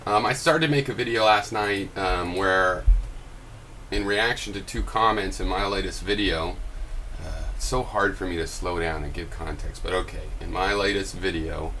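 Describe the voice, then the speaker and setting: A man's voice: low-pitched, moderate pace, sharp tone, slight background noise, poor audio. A man recording a casual vlog at his computer, thinking aloud with many restarts and answering critics with pointed questions. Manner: argumentative, rising to pointed questions. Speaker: video blogger. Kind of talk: casual off-the-cuff commentary.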